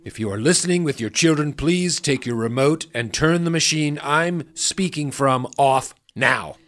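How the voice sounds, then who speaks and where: A man's voice: on the high side, normal speed, fairly bright tone, natural voice. A man playing a vain, pompous anchorman hosting a comedy podcast, prone to melodramatic panic. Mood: alarmed. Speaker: podcast host.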